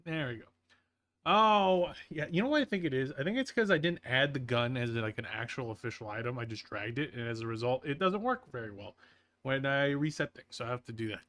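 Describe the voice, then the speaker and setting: A man's voice: mid-range voice, lively intonation, brisk, a bit bright. A man chatting casually on a live stream, rambling playfully and talking to his chat and to himself.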